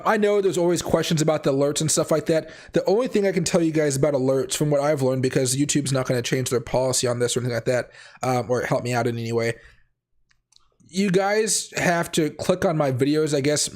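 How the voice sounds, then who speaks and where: A man hosting a casual trading livestream, raspy from a cold, rambling and correcting himself as he goes. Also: on the high side, a little mellow. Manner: rambling, self-correcting, chatty. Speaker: crypto trading livestream host.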